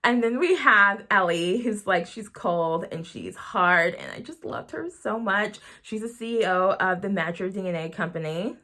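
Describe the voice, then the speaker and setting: A woman's voice: mid-range voice, moderate pace, hardly any pauses, sharp tone. A woman chatting casually as a book vlogger, bubbly and rambling, often laughing as she gushes over what she read. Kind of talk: casual book review chat.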